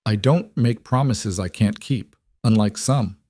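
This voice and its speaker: A man's voice: on the low side, unhurried, warm tone. A man voicing a cruel ancient witch woman with a mocking, menacing manner.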